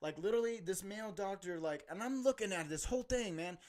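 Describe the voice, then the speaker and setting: Animated young man telling a story. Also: high-pitched, quick pace. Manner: animated, laughing storyteller, says bro a lot. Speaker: podcast host. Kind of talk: casual storytelling chat.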